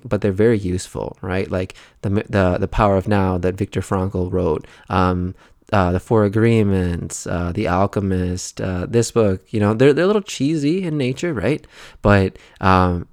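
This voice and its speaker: A young man talks on his solo podcast in a relaxed, rambling way, filling his pauses with "um" and "right?". His voice sits low. The recording is close and dry, with no room sound. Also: no room sound. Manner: rambling, laid-back, many fillers and "right?". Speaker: podcast host. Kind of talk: casual solo podcast monologue.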